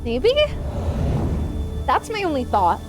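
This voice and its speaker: A young woman with a slightly high voice talks casually while she plays a video game on stream. She reacts out loud to the game and answers her chat as she goes, with soft game music faintly behind her. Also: sing-song, slow. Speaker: VTuber streamer.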